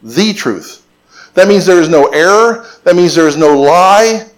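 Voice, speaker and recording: A man's voice: sits high, moderate pace. Emphatic storytelling preacher man. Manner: storytelling preacher, joking asides, emphatic repetition. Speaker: pastor. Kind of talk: sermon.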